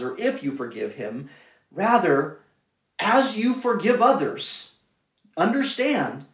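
Earnest male preacher in echoey room. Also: sits high. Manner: earnest, swings from raised emphasis to hushed pleading. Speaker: pastor. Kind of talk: sermon. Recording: echoey room, mic at a distance.

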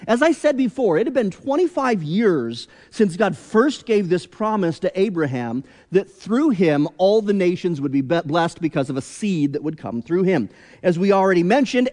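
A man preaching a sermon as pastor, deliberate and emphatic, with rhetorical questions. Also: high voice, a little mellow, long reverb tail.

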